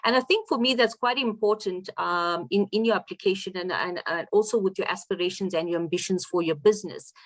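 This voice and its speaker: A woman on a webinar panel as a judge and mentor, explaining clearly and step by step. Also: mid-range voice, a little fast, few pauses.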